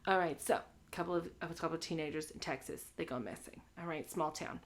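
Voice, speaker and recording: A woman's voice: low voice, brisk. A young woman hosting a live movie stream, chatting crudely and tagging her lines with "all right?". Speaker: livestream movie host. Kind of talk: casual chat to a live audience.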